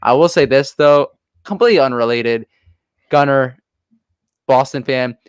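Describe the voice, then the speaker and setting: A man hosts a casual sports talk stream from home, chatty and upbeat. His voice is smooth and resonant. The sound is dry and close, with no room around it. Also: mid-range voice, fairly quick, no room sound. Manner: chatty, upbeat sign-offs. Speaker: host.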